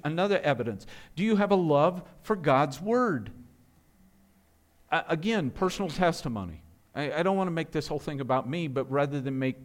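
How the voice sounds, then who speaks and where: A middle-aged man preaching from the pulpit in a slightly high voice. He asks his listeners pointed rhetorical questions and often stumbles and restarts his phrases in earnest. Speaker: pastor. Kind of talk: sermon.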